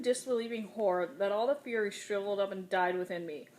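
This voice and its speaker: A woman reading a novel aloud in the first person with dramatic, expressive delivery. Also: medium pitch, a little fast. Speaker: audiobook reader.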